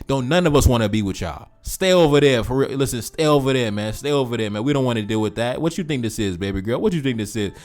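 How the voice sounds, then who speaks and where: A man's voice: mid-range voice, darkish tone. Emphatic man ranting in a reaction video. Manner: emphatic and repetitive, with slangy asides. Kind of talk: commentary reacting to social media posts.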